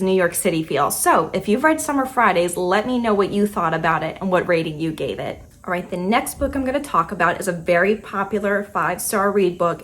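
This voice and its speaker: Chatty young woman reviewing books. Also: on the low side. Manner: chatty, many "like" and "kinda" fillers. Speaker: book vlogger. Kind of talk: casual book review chat.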